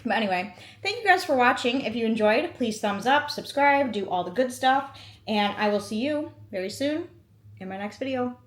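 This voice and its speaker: A woman's voice: fairly high pitch, lively intonation, normal speed, reverberant. A woman in her thirties, a vlogger chatting candidly to camera, telling personal stories with lots of fillers. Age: 30s. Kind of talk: casual sit-down vlog chat. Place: room at home, sitting before a meal.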